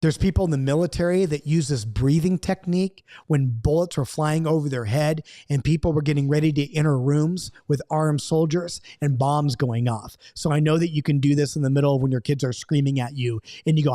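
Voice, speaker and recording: A middle-aged man leads a recorded Bible study lesson in an earnest, coaching manner, driving his points home through repetition. His voice sits noticeably high for a man. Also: a little fast, warm tone.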